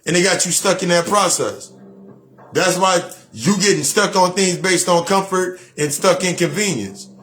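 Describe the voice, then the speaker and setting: Blunt, preachy man speaking fairly high. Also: moderate pace, fairly bright tone. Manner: preachy, repetitive, blunt with profanity. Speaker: spiritual speaker. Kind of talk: motivational monologue.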